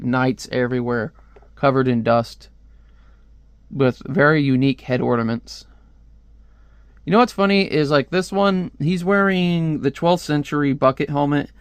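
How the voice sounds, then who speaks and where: A man's voice: medium pitch, clean tone, no echo. A man casually reviewing a comic book, talking in a rambling, chatty way with lots of fillers.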